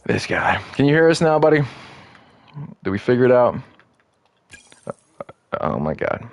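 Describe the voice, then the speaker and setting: A man's voice: medium pitch, big pitch swings, a little slow, gravelly, dry recording, lo-fi sound. A man streaming a game, chatting loosely and rambling with lots of filler words. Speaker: gaming streamer. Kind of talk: casual live-stream commentary.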